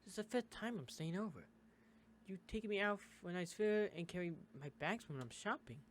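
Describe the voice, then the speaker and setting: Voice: mid-range voice, expressive, slight background noise. American gamer reading a visual novel aloud. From United States. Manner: reads dialogue in shifting character voices with quick asides. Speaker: gaming YouTuber.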